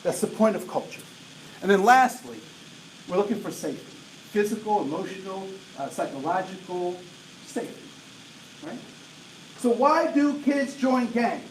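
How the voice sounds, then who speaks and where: A man in his late forties giving an energetic diversity talk to an audience, often asking "right?" to check in with them. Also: high voice, moderate pace, pauses often. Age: 40s. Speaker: diversity trainer. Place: large room with an audience. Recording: roomy echo, voice from a distance, faint noise.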